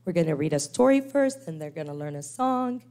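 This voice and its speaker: Woman giving a talk at church, mellow warm voice, acts out little scenes as she goes. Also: fairly low pitch, brisk. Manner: animated, acts out quoted parents and kids. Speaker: lecturer on special needs teaching. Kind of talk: church workshop lecture.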